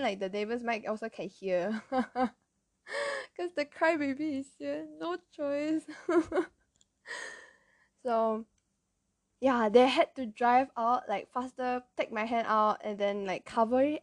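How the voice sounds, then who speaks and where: A young woman with a Malaysian English accent tells childhood stories in a loose, rambling way, laughing at herself often. Her voice sits fairly high. The sound is dry and close, with no room around it. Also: dry recording. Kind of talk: casual storytelling.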